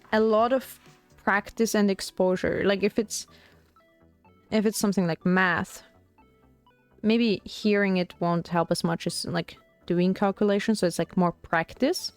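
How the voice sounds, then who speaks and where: A woman's voice: medium pitch, a little mellow. A young woman streaming as a VTuber, chatting in a rambling, casual way while she paints miniatures, full of "like" fillers.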